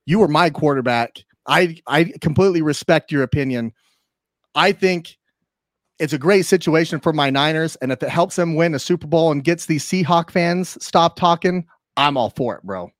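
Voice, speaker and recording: A man hosting a casual sports podcast, excitable and teasing as he trades jabs with his co-host. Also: fairly high pitch, normal speed, no echo, studio quality.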